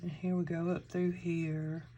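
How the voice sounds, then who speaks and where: A woman's voice: lowish voice, level tone, a little slow, mellow, muffled recording, a little hiss or hum. A woman from Georgia with a Southern accent, chatting casually as she walks through a crafting tutorial and thinks aloud while she works. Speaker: crafting channel host.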